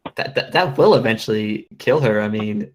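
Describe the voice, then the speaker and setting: A man's voice: fairly low pitch, lively intonation, normal speed, slight background noise. Dry, blunt young man playing. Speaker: player. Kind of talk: casual tabletop game chat.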